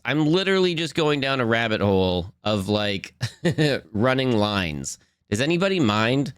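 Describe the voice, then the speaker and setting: A man's voice: medium pitch, very animated, unhurried, smooth, no echo, studio quality. A man chatting casually with viewers on a live stream, laughing often, his voice a little worn from talking.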